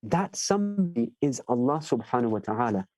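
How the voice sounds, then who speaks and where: A man giving a sermon, telling stories with animated delivery and asking listeners "right?" as he goes. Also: mid-range voice, a little fast, low-quality recording. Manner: animated storyteller, acts out voices in tales. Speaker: shaykh giving a majlis lecture. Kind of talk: sermon with storytelling.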